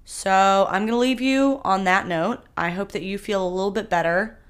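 A young woman hosting a solo podcast, talking candidly and animatedly, her voice swinging between loud bursts and soft asides. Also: medium pitch, moderate pace, clean tone. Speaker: podcast host.

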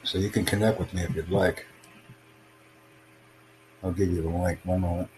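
A man's voice: low-pitched, steady tone, normal speed, darkish tone, slight background noise, low-quality recording. A man hosting his own livestream podcast, chatting casually with callers in a rambling, repetitive, self-promoting way. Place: in the United States.

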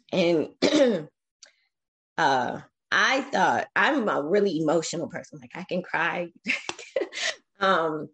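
Interview guest: woman, 40s, slightly low voice, reflective, halting, earnest storytelling. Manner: reflective, emotional, halting with fillers.

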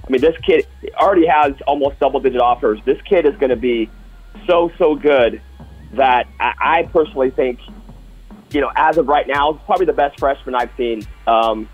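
A man's voice: medium pitch, moderate pace, husky, highs cut off, soft background music. A man co-hosting a casual sports talk show, telling stories with enthusiasm. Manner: enthusiastic, storytelling. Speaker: co-host.

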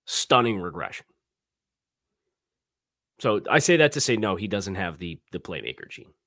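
Male podcast co-host, animated and expressive, restarts his sentences, dry close-miked read. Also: deep voice, no room sound. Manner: lively, quick restarts and self-corrections. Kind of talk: casual sports podcast chat.

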